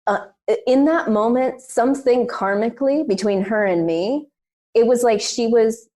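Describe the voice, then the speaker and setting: A young adult woman, a podcast co-host, telling a personal story in an animated, emphatic way, with many "like"s and "um"s. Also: on the high side, moderate pace. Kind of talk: personal storytelling in casual conversation.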